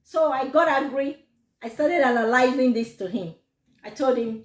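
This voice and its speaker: A woman with a Nigerian accent telling a personal story to camera, animated and quick to laugh. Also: high voice. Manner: animated, laughs often, gives advice. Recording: echoey room.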